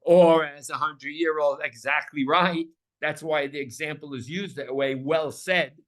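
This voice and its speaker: A man's voice: a little high, steady tone, normal speed. A man teaching a scripture lesson to a small class, emphatic and repeating words as he builds each point.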